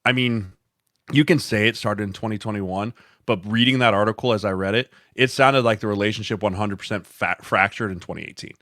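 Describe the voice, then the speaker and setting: An American man with a lowish voice making his case on a podcast, earnest and thoughtful, backing his points with remembered quotes. His voice sits dry and close to the mic. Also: fairly quick, a bit bright, dry recording. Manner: earnest, explains with quoted examples. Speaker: podcast co-host, former NFL offensive lineman. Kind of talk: casual chat.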